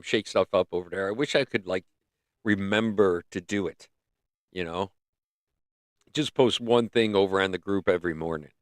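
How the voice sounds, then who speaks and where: A man's voice: fairly low pitch, no room sound, clean studio sound. A middle-aged man hosting a livestream in a casual, rambling way, his throat giving out as he talks. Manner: rambling, musing, with many restarts. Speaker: livestream host. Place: in northern North America. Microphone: close mic.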